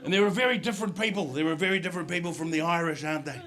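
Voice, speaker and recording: A man's voice: a little high, rapid-fire. A man doing a stand-up set, telling stories and mimicking to build to punchlines. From New Zealand. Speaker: stand-up comedian. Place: comedy club stage. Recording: live club with loud crowd. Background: audience laughter.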